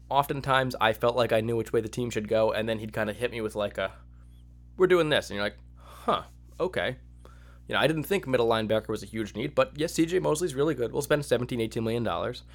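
A man hosting a solo sports podcast, giving opinionated, excitable commentary and acting out his own reactions. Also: on the low side. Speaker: podcast host.

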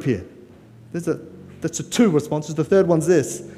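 A man delivering a guest sermon in a church, casual and emphatic, often pushing his voice high on key words. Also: normal speed, warm tone. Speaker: guest preacher. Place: church hall. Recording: long church-hall reverb, faint music.

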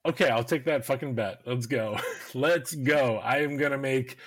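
A man's voice: medium pitch, brisk, no echo. A man hosting a basketball podcast, chatting in a laid-back way, laughing often and swearing casually. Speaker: podcast host. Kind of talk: casual chat.

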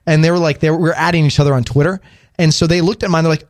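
A man hosting a casual talk show, telling stories in quick, animated banter. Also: fairly high pitch, no room sound, clean studio sound. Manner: fast, animated storytelling with laughs. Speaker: host. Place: studio.

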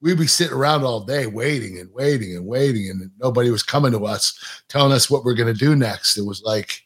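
A man hosting a podcast, talking in a relaxed, plainspoken way. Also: mid-range voice, fairly quick, husky. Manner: relaxed, plainspoken, agrees readily. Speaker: podcast host. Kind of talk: casual podcast chat.

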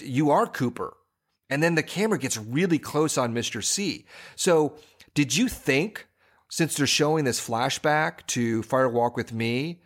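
A bright-toned, mid-range male voice comes from a podcast co-host chatting casually. His talk meanders, full of fillers and false starts.

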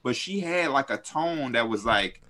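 A young man on a podcast, telling a story in casual chat, animated and profane. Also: a little slow. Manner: animated, profane, swings high when quoting people. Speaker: podcast co-host.

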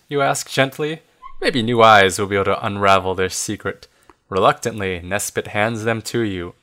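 A man reading a children's adventure book aloud, animated and doing voices for each figure. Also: on the low side, normal speed, faint music behind. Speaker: reader of a gamebook.

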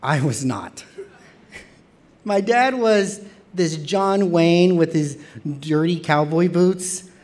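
Expressive man telling a personal story. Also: a little high, slow pace. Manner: expressive, playful, self-mocking humor. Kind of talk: personal story told live on stage.

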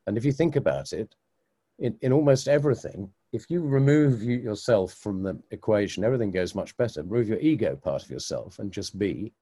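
A man's voice: on the low side, lively intonation, fairly quick, warm tone, husky, dry recording, clean studio sound. An older man, a comedy producer, speaking as a guest in a casual podcast interview, telling anecdotes and jokes with a chuckle.

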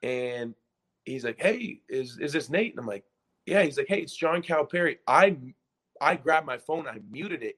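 A young man from Pennsylvania, a former college basketball player, telling a story in a casual podcast interview, excited and rambling, acting out quotes. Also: a little high, moderate pace. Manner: excited, rambling, full of restarts and acted-out quotes.

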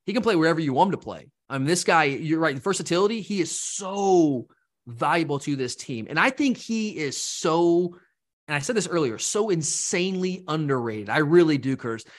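Animated man talking sports. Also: fairly high pitch, moderate pace. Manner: animated, rambling, mimics fans in quotes. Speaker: podcast co-host. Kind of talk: casual sports talk.

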